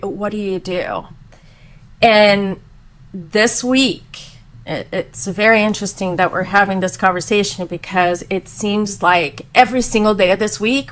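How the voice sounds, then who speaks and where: A woman's voice: medium pitch, a bit bright. A woman in her forties hosting a casual panel chat, telling a candid story. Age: 40s. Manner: candid storytelling, acts out quoted voices. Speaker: podcast panel host.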